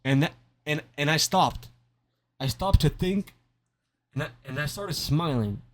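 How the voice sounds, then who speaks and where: A man's voice: on the high side, measured pace, a little hiss or hum. A young man casually telling a rambling, self-mocking story over gameplay, often stumbling and repeating his words. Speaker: gaming commentator.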